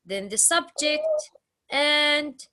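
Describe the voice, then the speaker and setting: A woman with a high voice and wildly swooping pitch speaks extremely slowly over background noise. In a slow classroom grammar lesson, she drills English question words again and again, exaggerating her question intonation.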